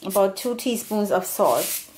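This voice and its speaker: A mid-range, slightly mellow voice with lively intonation and an unhurried pace belongs to a woman hosting a home cooking channel; slight background noise is present. She has a Serbian background and demonstrates in her home kitchen, chatting, drifting and often restarting her sentences.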